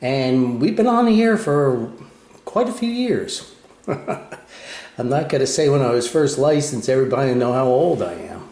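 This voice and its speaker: An older man with a thick New Jersey accent talks through his gear in a casual, meandering way. He trips over his words, fills the pauses with "um," and jokes at his own expense. His medium-pitched voice bounces around a reverberant home room. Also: animated, vocal fry, darkish tone. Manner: rambling and self-deprecating, with fillers and restarts. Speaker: ham radio video host. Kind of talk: casual show-and-tell chat. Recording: echoey room.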